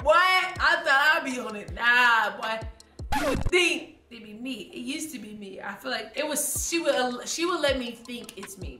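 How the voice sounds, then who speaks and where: A young woman with a fairly high voice teases her partner in relaxed, slangy chat. She sits back from the mic in an echoey room, with music playing clearly behind her. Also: recorded from a distance. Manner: playful, teasing, slangy. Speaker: co-host of a couple channel. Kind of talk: casual chat.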